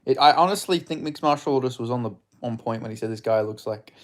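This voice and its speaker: A man streaming live fight commentary, excitable and swearing, chatting with his viewers between rounds. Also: medium pitch, fast talker.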